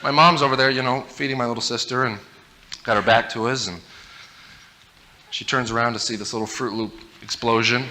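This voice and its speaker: A man giving a humorous storytelling talk from a stage, animated and laughing through his stories. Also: mid-range voice, a little fast, noisy background. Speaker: motivational speaker. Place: stage before a live audience.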